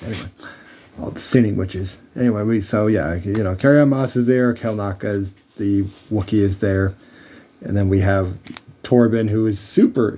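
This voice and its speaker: A man's voice: fairly low pitch, dark tone. A man recapping a TV episode in a casual, rambling and sarcastic way, with many fillers. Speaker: show reviewer.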